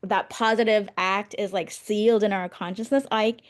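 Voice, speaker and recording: A woman participant on a video call asking questions, hesitant and halting with many fillers. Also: medium pitch, steady tone.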